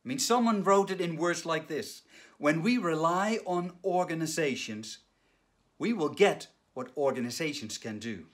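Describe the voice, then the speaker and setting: A male pastor delivering a sermon, earnest and measured, who pauses, restarts now and then and lifts his voice for dramatic quoted cries. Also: fairly high pitch, a bit bright. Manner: dramatic retelling with rising, urgent quoted cries.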